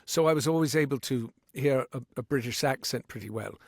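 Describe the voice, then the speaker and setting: A man with a gravelly, middle-pitched voice talks as a guest in a relaxed interview. He is animated, trips over his openings and drops into quick accent impressions. The sound is close and dry. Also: no echo. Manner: animated, slips into accents and impressions, many restarts. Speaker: voice actor guest. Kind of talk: casual interview chat.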